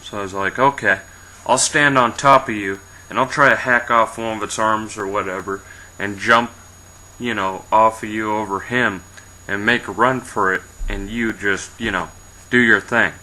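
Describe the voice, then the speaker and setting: A man's voice: on the low side, steady tone, normal speed, bright, forceful tone, low-quality recording. A man casually telling an improvised fantasy adventure story, rambling and swearing, briefly voicing his characters.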